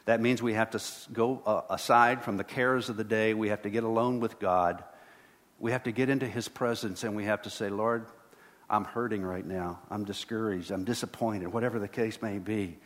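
A man's voice: fairly low pitch, steady tone, normal speed. A middle-aged man preaching a sermon as pastor, earnest and building to emphatic repeated lines. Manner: earnest, rising to emphatic repetition. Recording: long hall reverb.

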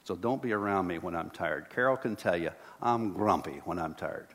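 A man's voice: deep voice, expressive, moderate pace, fairly bright tone. A middle-aged man preaching a sermon as pastor, earnest and building to emphatic repeated lines. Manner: earnest, rising to emphatic repetition. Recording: long hall reverb.

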